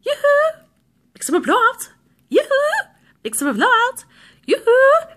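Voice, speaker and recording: A woman voicing an overly cheerful male shopkeeper with a sing-song sales pitch. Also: very animated, measured pace, a bit bright, heavily acted. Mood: chirpy.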